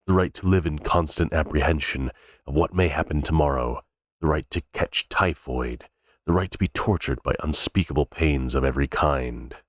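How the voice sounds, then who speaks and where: This reader's voice is extremely low-pitched, captured in a dry, clean studio recording. He works through a novel unrehearsed, occasionally tripping over words and starting them again, as in cold-read audiobook narration.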